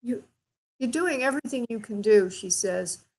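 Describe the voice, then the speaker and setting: A woman spirit medium hosting a call-in radio show, giving gentle, affectionate readings and calling her callers honey and sweetheart. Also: fairly high pitch, animated, normal speed, poor audio.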